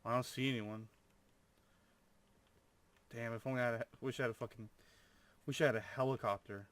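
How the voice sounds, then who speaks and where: A man's voice: medium pitch, fairly even intonation, brisk, fairly bright tone. A young man commentating his own gameplay, full of over-the-top amazement and swearing. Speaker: gamer.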